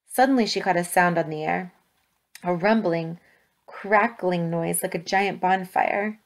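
A woman reading a storybook aloud with steady, expressive narration. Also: on the low side, unhurried.

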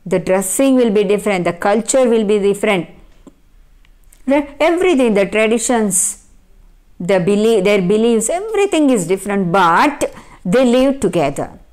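A woman's voice: medium pitch, sing-song, normal speed, darkish tone. A woman teaching an English textbook lesson with an Indian English accent, asking herself questions and answering them, repeating key phrases. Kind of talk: classroom lecture explaining a textbook lesson.

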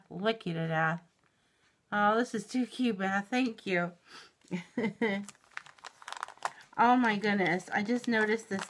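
A middle-aged woman opening a mail package in a home vlog, gushing and giggling, shaky with excitement. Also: mid-range voice, slow, pauses often. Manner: gushing and giggly, exclaims often. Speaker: YouTube reviewer. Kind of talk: unboxing vlog.

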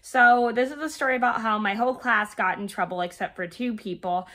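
A woman's voice: on the high side, a little fast, fairly bright tone. Scratchy-voiced woman with a cold. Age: 30s. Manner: rambling, many fillers and restarts. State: hoarse from a cold. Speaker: vlogger. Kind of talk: casual storytime while crocheting.

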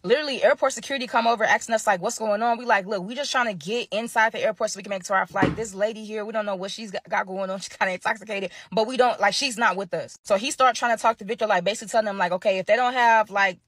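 A young adult woman telling a personal story in a chatty, animated, slangy way. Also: medium pitch, rapid-fire, few pauses, dry recording. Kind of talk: casual storytime.

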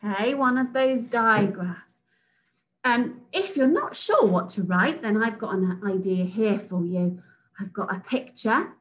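A woman teacher from England giving a recorded phonics lesson to young children, sounding out letters slowly and praising them. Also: mid-range voice, animated, low-quality recording. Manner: slow, sing-song, sounds out letters and praises. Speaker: reception class teacher.

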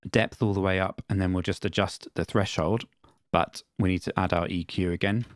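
A man teaching music production in a screen-recorded software tutorial, explaining in a plain, matter-of-fact way. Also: low voice, fairly even intonation, normal speed, no room sound, clean studio sound.

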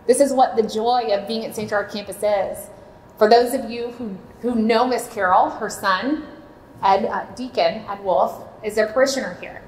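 A woman's voice: medium pitch, slight background noise. A woman in her late thirties from Florida gives a heartfelt personal testimony at a church seminar. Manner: earnest and heartfelt, speaking openly. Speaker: speaker, maternity home director. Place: church hall. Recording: echoey church hall.

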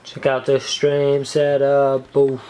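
A teenage boy vlogging casually in his bedroom, excited and slangy, saying "like" a lot. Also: medium pitch, slow, slight background noise. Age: teens. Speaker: YouTube vlogger and streamer. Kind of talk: casual vlog chat. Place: bedroom with a streaming setup, indoors.

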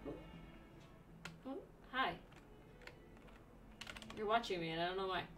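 A young woman streaming a video game, chatting excitedly to herself and breaking into sudden squeals. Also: mid-range voice, a little slow, far from the mic, music in the background. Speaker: let's play streamer. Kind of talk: casual gameplay commentary.

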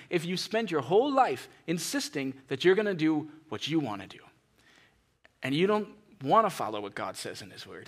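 A middle-aged man preaching a sermon in a church, conversational and animated, acting out little scenes. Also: fairly high pitch. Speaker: pastor.

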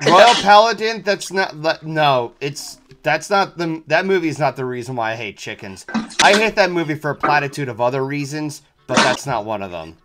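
A man's voice: a little high, lively intonation, normal speed, noisy background. A man playing a game on stream, talking in short distracted bursts and swearing at it. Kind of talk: casual group chat while gaming.

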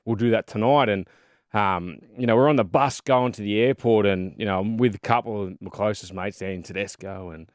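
A man's voice: on the low side, fairly quick, clean tone, no echo, clean studio sound. An Australian man in his thirties telling rugby league stories in a casual podcast chat, full of fillers. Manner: animated storyteller, fillers and mate. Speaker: podcast co-host, former rugby league player.

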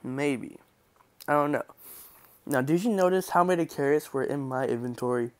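A man's voice: medium pitch, normal speed. A man with a stuffy, congested nose giving casual, joking and sarcastic game commentary. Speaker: gaming channel host.

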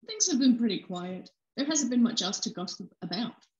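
A woman author voicing a bright, friendly young policewoman in a book reading. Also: a little high, animated, moderate pace, highs cut off, pitched above the performer's own voice, natural voice. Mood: casual. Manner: cheerful and chatty, later snapping angrily. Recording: roomy echo.

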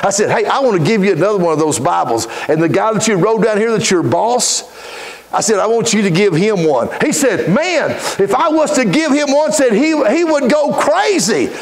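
Folksy preacher, fiery storytelling. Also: male voice, sits high, expressive, normal speed. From Texas. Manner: folksy, rises to shouted fervor. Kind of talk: storytelling sermon. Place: church.

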